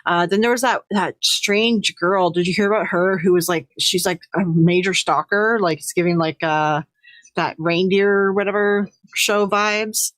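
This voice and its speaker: A woman's voice: mid-range voice, fairly even intonation, moderate pace, no echo, poor audio. A woman hosting a livestream, chatting in a rambling way with lots of fillers. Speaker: livestream host. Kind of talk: casual chat.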